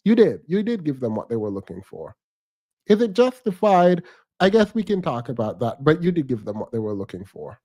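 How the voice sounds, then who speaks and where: A man with a high, very lively voice reacts to a clip with frank, teasing commentary. He thinks out loud and wavers between joking and serious. The sound is close and dry. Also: fairly quick, no room sound.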